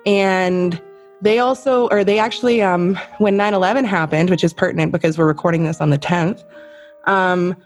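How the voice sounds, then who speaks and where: A woman's voice: on the low side, fairly even intonation, normal speed, faint music behind. A woman from Canada hosting a podcast in casual chat, talkative and playful, swearing now and then. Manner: chatty, swearing freely, playful quizzing. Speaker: podcast host.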